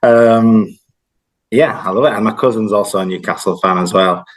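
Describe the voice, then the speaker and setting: A man in his thirties from northern England chatting casually as a guest on a video call, relaxed and rambling with plenty of fillers. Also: fairly low pitch, normal speed, a little hiss or hum, low-quality recording. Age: 30s. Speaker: guest, host's childhood friend. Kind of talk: casual chat.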